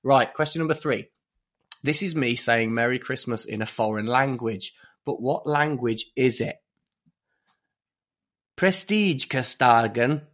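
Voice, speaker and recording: A man hosting a casual quiz among friends in a jokey, brisk way, laughing often. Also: mid-range voice. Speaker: quiz host. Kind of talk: casual podcast chat.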